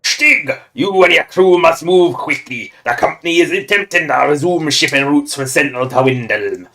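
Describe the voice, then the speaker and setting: A man reading out pirate orders in a deliberately bad, hammy pirate accent. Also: fairly high pitch, noisy background, natural voice. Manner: mock pirate voice, slow and hammy.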